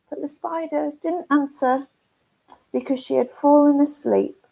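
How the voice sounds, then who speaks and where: Woman, children's nature-group leader; gentle sing-song story reading for toddlers, slightly high, gravelly and husky. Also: steady tone, measured pace, rough recording. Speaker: forest school leader. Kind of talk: reading a picture book to toddlers. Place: at home.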